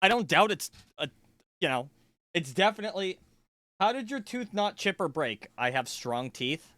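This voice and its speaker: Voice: mid-range voice, very animated, normal speed, bright, forceful tone, no echo, studio quality. A streamer chatting casually and playfully during a live build, swearing freely and rambling to the audience. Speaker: livestreamer. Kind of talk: casual livestream chat while building.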